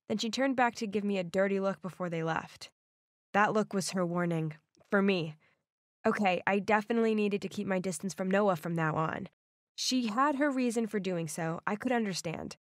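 A woman narrating a first-person animated story in a scripted, expressive way. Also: medium pitch, normal speed, dry recording, studio quality.

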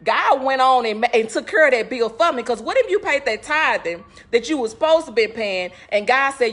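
A woman hosts a casual faith podcast, speaking in a slightly high voice. She talks in an earnest, emphatic, conversational way, close to preaching. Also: lively intonation, moderate pace, few pauses, fairly bright tone. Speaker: podcast host. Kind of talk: casual faith talk monologue.

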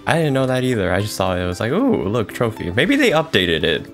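A young woman with a low voice that leaps widely in pitch, joking and laughing through co-op gameplay. She tosses off dry little remarks. Game music is clearly audible behind her. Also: very animated, quick pace. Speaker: guest co-player. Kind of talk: casual co-op gameplay chat.

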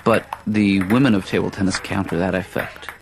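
Cast: a gentle, low-voiced cartoon therapist dad, gravelly and hesitant, on a noisy soundtrack. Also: male voice, fairly even intonation, a little fast. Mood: calm. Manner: soft-spoken, hesitant, trailing off. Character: mild-mannered middle-aged male therapist father. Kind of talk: dry animated sitcom dialogue.

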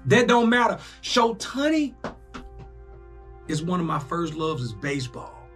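A young man hosting a casual sports reaction video, animated and breaking into loud bursts as he talks to himself. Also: on the high side, a little slow, faint music behind. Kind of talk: excited casual reaction commentary.

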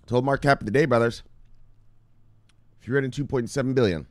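A man hosting a casual crypto news show, swinging between loud hype and low, muttered anger, calling his viewers brothers. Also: fairly quick, no room sound. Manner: calls viewers brothers, punchy catchphrases like bang and look look.

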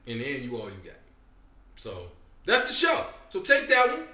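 A young man hosts his comedy show, speaking in with a fairly high voice that swings up and down. He laughs his way through a rambling, profane recap. Nothing about his delivery is stiff. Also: wildly swooping pitch, normal speed, pushed and bright, reverberant.

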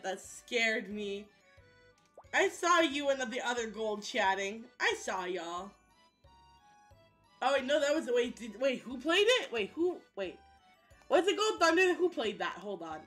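A young woman streaming a game in loose, swear-heavy chat with her viewers. Her voice sits high and she talks in slow, drawn-out stretches before breaking into loud outbursts. Faint music plays in the background. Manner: excitable, loud outbursts, swears a lot, sound-effect chanting. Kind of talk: casual gameplay commentary to chat.

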